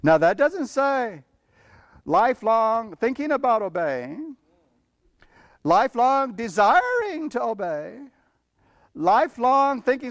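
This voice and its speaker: A man with a strikingly high voice preaches a sermon, bluntly driving each point home with frequent chuckles between lines. His pitch swings widely, rising and falling as he presses his message, and the sound is dry and close. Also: big pitch swings, slow pace, long pauses, no echo. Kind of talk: sermon with Bible reading.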